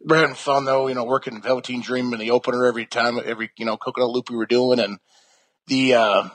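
A man's voice: medium pitch, fairly even intonation, fast, fairly bright tone. A young man chatting casually as an interview guest, rambling with lots of restarts and fillers.

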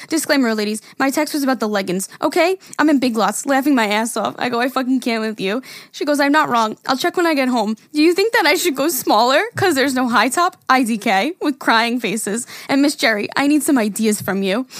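A woman's voice: high-pitched, fairly bright tone, dry recording, clean studio sound. A young woman co-hosting a podcast, telling a funny family story in casual chat and reading text messages aloud between laughs. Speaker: podcast co-host.

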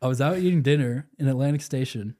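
A young man co-hosts a loose comedy podcast, laughing easily and slipping into quoted voices as he tells his stories. His pitch sits in an ordinary middle range for a man. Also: quick pace, mellow, a little hiss or hum. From Georgia, USA. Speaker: podcast co-host. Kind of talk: casual comedic chat.

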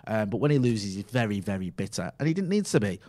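A man's voice: lowish voice, sing-song, fast talker, a little mellow. A man co-hosting a casual football podcast, ranting about a rival manager in a rolling list of complaints. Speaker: podcast co-host.

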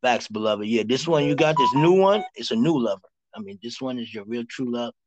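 A man's voice: mid-range voice, expressive, a little fast, darkish tone, a little hiss or hum, rough recording. Harlem man giving tarot readings. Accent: New York. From Harlem, New York. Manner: loose street talk, playful vocal riffs. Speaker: tarot card reader. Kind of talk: live tarot readings for callers.

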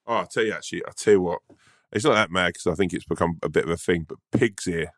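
A man's voice: low voice, fast, a bit bright, no echo, clean studio sound. A man co-hosting a podcast, rambling and teasing in casual chat, laughing often. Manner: rambling, teasing, laughs a lot, many fillers. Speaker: podcast co-host.

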